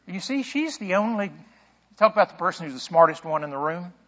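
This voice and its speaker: A man's voice: high voice, lively intonation, brisk, a bit bright. Man, pastor, conversational sermon, rhetorical questions, long hall reverb, muffled sound.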